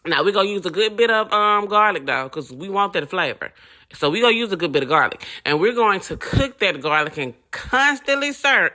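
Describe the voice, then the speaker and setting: Southern lady walking you through a recipe, bright punchy voice, folksy, keeps saying honey. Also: lowish voice. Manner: folksy, chatty, calls viewers honey. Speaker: cooking show host. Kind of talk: casual cooking tutorial.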